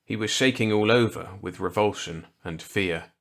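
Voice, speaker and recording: A man narrating a grim short story in a measured, deliberate way. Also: lowish voice, fairly bright tone. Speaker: audiobook narrator. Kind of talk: scripted narration.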